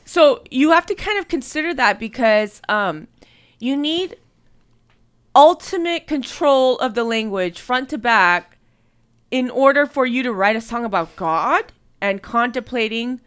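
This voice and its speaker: A woman's voice: on the high side, animated, unhurried, fairly bright tone, smooth. A woman hosting a music review livestream, chatting loosely with frequent fillers. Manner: chatty, many fillers and restarts. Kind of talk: casual livestream chat.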